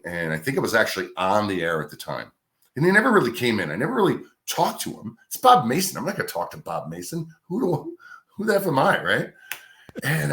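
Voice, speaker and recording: A middle-aged man, a radio host, telling a career story in a casual, animated way. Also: fairly low pitch. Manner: animated anecdote telling with acted-out quotes. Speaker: radio host, podcast guest.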